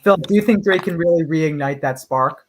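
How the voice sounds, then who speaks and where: A man's voice: on the high side, moderate pace, a little hiss or hum. A young man hosting a casual sports panel, loosely steering the talk and asking the others for picks. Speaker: host.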